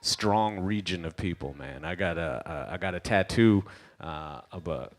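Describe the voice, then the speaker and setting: Deep-voiced and a little slow, a Trinidadian man with a matching accent performs a comedy set on an indoor gala stage. He's an animated storyteller who plays out the characters in his tales.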